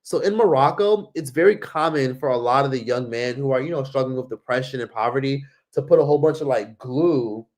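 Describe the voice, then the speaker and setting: A man's voice: medium pitch, brisk, hardly any pauses, darkish tone. A man casually telling a travel story to camera, rambling, swearing freely and leaning on filler words. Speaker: vlogger.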